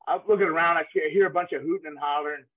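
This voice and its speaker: On a tinny, phone-like line, a man with a fairly high voice talks at a racing clip in a steady tone. He's a talk show guest spinning rambling stories and laughing through them in a casual way.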